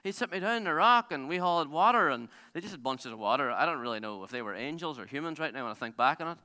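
A man preaching a sermon as pastor, telling stories in an animated way with many restarts. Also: a little high, fast talker. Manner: animated storytelling, self-interrupting with restarts and laughs. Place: large theatre used as a church. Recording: long hall reverb.

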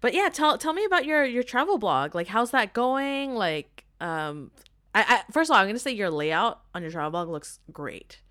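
A woman hosts a relaxed interview and laughs easily between questions. Her pitch moves a lot as she talks. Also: moderate pace. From North America. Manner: giggly, animated. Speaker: host. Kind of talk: casual interview chat.

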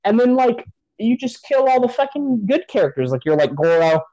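A man's voice: extremely high pitch, sing-song, moderate pace, warm tone, dry recording, lo-fi sound. A man on a podcast giving a profane, sarcastic rant about a movie in casual chat. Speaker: podcast host.

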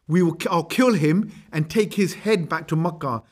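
A man's voice: on the high side, moderate pace, lightly acted. A man voicing a scheming middle-aged male Meccan envoy in a casual, slangy retelling. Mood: plotting.

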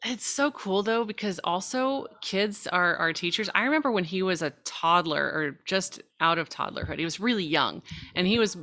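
A woman, a mother, talking casually and reflectively about raising her young son, growing animated as she retells moments with him. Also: on the low side, moderate pace. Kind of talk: casual podcast conversation.

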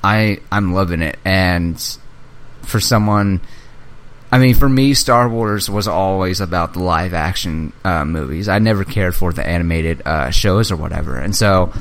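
Excitable young man geeking out, swearing. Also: low-pitched, a little slow. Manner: excitable fan, swears freely, acts out movie lines. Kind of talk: casual chat.

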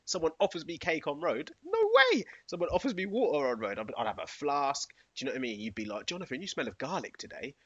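A young man telling a story on a podcast, rambling through fillers with a lively, bouncing pitch. The sound is dry and muffled, like a lo-fi close recording. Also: fast, few pauses, husky, no echo. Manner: rambling, laughs often, lots of fillers. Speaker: podcast co-host. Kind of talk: casual chat.

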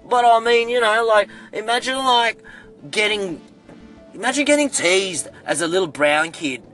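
A man's voice: high-pitched, normal speed, pushed and bright, faint music behind, pitched above the performer's own voice. A man with an Australian accent putting on a rambling young Filipino Australian man in a comedic monologue, full of fillers and restarts. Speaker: comedy character.

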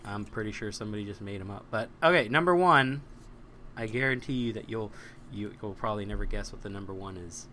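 A man's voice: on the low side, fast, sharp tone, a little hiss or hum. A man co-hosting a podcast in casual, rambling chat, joking as he restarts his sentences. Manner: rambling, jokey, restarts often. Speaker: podcast co-host.

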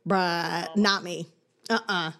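A young woman co-hosting a podcast, chatting casually with quick, teasing reactions. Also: lowish voice, fairly even intonation, gravelly, fairly bright tone. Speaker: podcast co-host. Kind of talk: casual chat.

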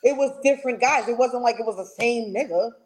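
A woman's voice: on the high side, a little fast, darkish tone. A young woman co-hosting a podcast, telling stories in a rambling, hesitant way. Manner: rambling, hesitant, heavy with "like" and "um" fillers. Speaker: podcast co-host. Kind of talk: casual chat.

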